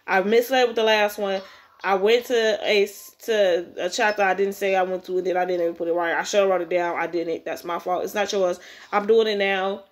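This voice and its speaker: A woman's voice: medium pitch, fairly even intonation, brisk. A woman reading a webcomic aloud and reacting with blunt, profane exasperation. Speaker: webcomic reader.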